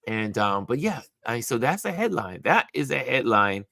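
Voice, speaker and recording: A man's voice: mid-range voice, sing-song, normal speed, gravelly, bright, forceful tone, dry recording. A man hosting a casual live stream, chatting about the news and greeting viewers by name, with frequent restarts and asides. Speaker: livestream host.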